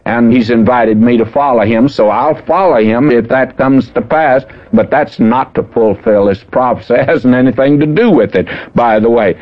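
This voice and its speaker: An older man preaching a folksy, emphatic radio Bible teaching, slowing down to stress the scripture he quotes. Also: medium pitch, animated. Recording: dull old radio broadcast.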